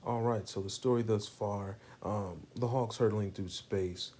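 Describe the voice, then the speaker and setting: A man casually reviewing a comic book issue from home, rambling and animated, with lots of "you know what I'm saying.". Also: fairly low pitch, measured pace, a little hiss or hum. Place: home room with lighting and a poster.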